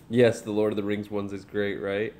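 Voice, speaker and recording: A man's voice: fairly low pitch, warm tone. A young man, a dad, joking casually with a live stream chat while talking to his baby.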